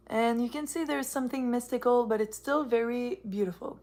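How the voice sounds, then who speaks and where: A woman's voice: fairly high pitch, fairly quick, hardly any pauses, darkish tone. Chatty woman streaming. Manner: chatty and rambling, reacting to viewer comments. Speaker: live streamer reviewing a tarot deck. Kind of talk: casual live-stream chat.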